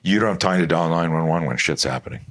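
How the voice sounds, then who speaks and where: A middle-aged man telling animated stories as a guest in an interview, rambling and restarting often. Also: sits low, quick pace. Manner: animated, rambling storyteller with frequent restarts and profanity. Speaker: self-defense expert guest. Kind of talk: storytelling interview talk.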